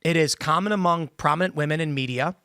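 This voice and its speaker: A man hosting a panel podcast in a studio, talking with opinionated, rambling explanations. His voice sits a little high for a man. The sound is close and dry. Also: fast, sharp tone, clean tone, no room sound. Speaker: podcast host. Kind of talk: casual panel discussion. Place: studio table with other hosts.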